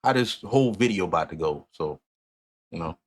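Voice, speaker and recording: A man's voice: deep voice, expressive, brisk. A man hosting a music reaction, tipsy, chatting casually, rambling and repeating himself, with announcer-style greetings. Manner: rambling, repeats and restarts phrases, loose slang.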